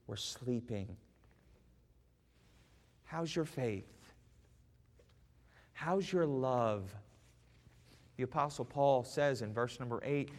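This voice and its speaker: A male pastor preaching a sermon, swinging from quiet, hushed lines to loud, impassioned peaks. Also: medium pitch. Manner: rises to loud impassioned preaching, then drops soft. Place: church sanctuary. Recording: long church hall reverb.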